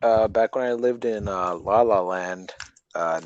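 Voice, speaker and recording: A man's voice: lowish voice, measured pace, lo-fi sound, slight background noise. A young man co-hosting a podcast, telling stories with energy, repeating himself and laughing. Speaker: podcast co-host. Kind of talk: casual storytelling chat.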